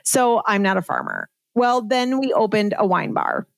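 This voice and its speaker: A woman's voice: medium pitch, moderate pace, vocal fry, dry recording. A middle-aged woman telling her story as a podcast guest in a casual, chatty way, full of "like" and "right?" and laughing at herself.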